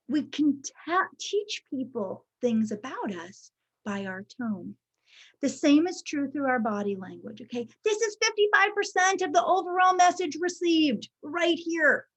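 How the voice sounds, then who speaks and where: A woman giving a live workshop talk over a video call, teaching in a lively way and often checking in with "right?". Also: sits high, unhurried. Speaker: workshop presenter. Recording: muffled video-call audio.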